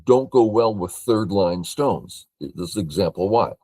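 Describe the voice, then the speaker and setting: An older man from California reviewing a board game as a teacher, thinking aloud in a slow, matter-of-fact way. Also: fairly low pitch, expressive, dark tone, no echo.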